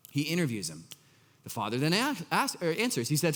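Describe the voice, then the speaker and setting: A man's voice: on the high side, brisk, long reverb tail. A man preaching a casual, joking sermon as pastor, acting out scripture characters with exasperated voices. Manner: animated, acts out Jesus's lines in an exasperated voice; casual and joking, full of fillers. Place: church hall.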